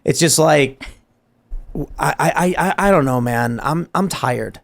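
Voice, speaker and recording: A man hosting a political talk show, talking in an exasperated, animated rant. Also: a little high, a little slow, creaky. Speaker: podcast host.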